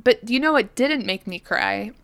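A woman's voice: a little high, expressive, moderate pace, fairly bright tone. A woman co-hosting a podcast, thinking aloud in a rambling way with lots of fillers. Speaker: podcast co-host. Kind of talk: casual podcast chat.

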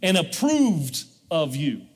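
A man's voice: a little high, big pitch swings, slow pace, slightly rough, in a large hall. A male pastor preaching a sermon in a church, leading the congregation in call-and-response. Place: church sanctuary.

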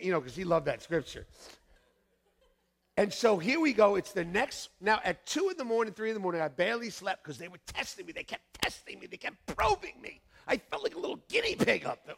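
Male pastor, middle-aged, storytelling sermon; high, lively voice with gravel, long hall reverb. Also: brisk. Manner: animated, acts out voices with shouts and laughs. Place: church sanctuary.

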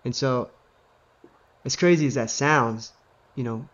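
A man's voice: mid-range voice, unhurried, fairly bright tone, dull audio. A married man, co-host of a faith podcast, telling a story in casual chat with many fillers.

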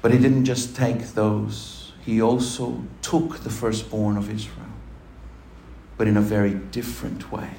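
A man's voice: fairly low pitch, little pitch movement, unhurried, creaky, warm tone. A man preaching a sermon, emphatic, asking the congregation rhetorical questions. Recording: echoey room with faint ambient noise.

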